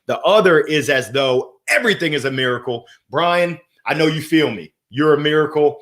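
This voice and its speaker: A man hosts a motivational livestream into a microphone, his voice sitting high and swinging animatedly up and down. He keeps the energy playful and upbeat, greeting viewers by name as he encourages them. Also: moderate pace. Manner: energetic, playful, reads out viewer comments with shout-outs. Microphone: gold microphone.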